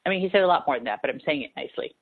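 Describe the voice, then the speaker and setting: A woman's voice: very deep voice, expressive, racing, vocal fry, husky. A woman host and spiritual advisor giving an emphatic, repetitive radio talk monologue. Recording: tinny phone-like sound.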